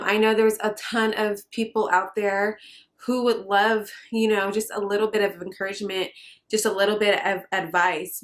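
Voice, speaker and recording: A young woman speaks to her viewers in a heartfelt personal vlog. She is earnest and halting, and she pauses often with fillers. Her voice has a middle pitch and sits near tears. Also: a bit bright. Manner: earnest, hesitant with many fillers. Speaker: vlogger.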